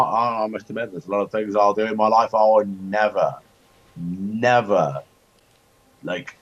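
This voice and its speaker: A man chatting and joking while playing a strategy game, rambling, with sudden high-pitched outbursts. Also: breathy edge. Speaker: co-host of a gaming chat show. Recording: dull lo-fi home recording.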